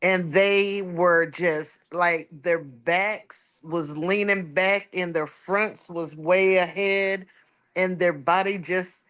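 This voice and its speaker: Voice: mid-range voice, fairly even intonation, fairly bright tone, smooth. A podcast co-host in casual chat, agreeing often and telling stories at length. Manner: chatty, agreeable, drawn-out storytelling.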